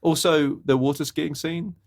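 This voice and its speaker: A man's voice: a little high, fairly even intonation, normal speed, vocal fry. A man co-hosting a film podcast in casual chat, retelling movie scenes. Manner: recounts scenes with exaggerated character impressions. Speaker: podcast co-host.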